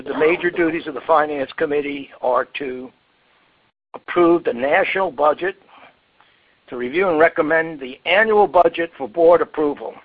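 A man with a slightly high, husky voice reads committee bylaws aloud in a formal, even way. He is heard over a tinny phone line. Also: no room sound. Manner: halting while finding files, then steady formal reading. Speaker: committee member reading bylaws. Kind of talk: reading aloud in a phone meeting.

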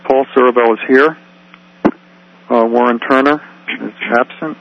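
A man's voice: mid-range voice, fairly even intonation, unhurried, creaky, muffled recording. A man taking the roll at a phone meeting, talking hesitantly with many fillers. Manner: hesitant, many uhs and ums. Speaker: committee secretary.

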